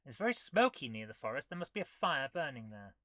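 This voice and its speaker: A woman's voice: rumbling low, big pitch swings, quick pace, fairly bright tone, no room sound. A woman hosting a retro gaming stream, reading the game's text aloud and adding wry, dry asides as she plays. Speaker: host of a retro gaming channel. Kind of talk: live gameplay commentary.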